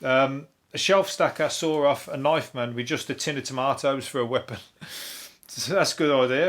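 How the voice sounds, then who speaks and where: A Brummie comedian hosts a solo podcast, riffing on news stories in a dry, deadpan way. He rambles, swears freely and loses his thread. His voice sounds a little hoarse and worn. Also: mid-range voice, moderate pace. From Birmingham, England. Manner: deadpan, rambling, sweary, laughs at own jokes. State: voice going hoarse.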